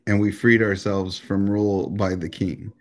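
An American man co-hosting a podcast, ranting in a casual, animated and profane way, with lots of restarts. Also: low-pitched, moderate pace. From United States. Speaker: podcast co-host.

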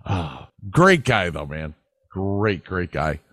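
A low-voiced man with wide pitch swings speaks slowly in a slightly bright tone, recorded cleanly in a studio with no echo. He's a podcast co-host from Texas who has a northern US accent, spinning rambling stories in casual chat and swearing freely.

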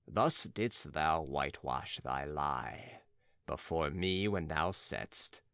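A man reading a stern, deep-voiced prophet. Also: fairly bright tone, no echo, studio quality, heavily acted. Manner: grave, measured, archaic declamation. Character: stern, solemn male prophet-sage. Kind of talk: audiobook dramatic reading.

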